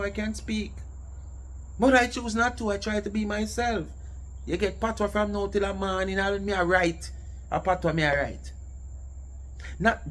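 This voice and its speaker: Man, high voice, mocking patois vlog rant. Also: fairly bright tone, a little hiss or hum. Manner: mocking, mixes patois with English. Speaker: commentary vlogger. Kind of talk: casual commentary rant.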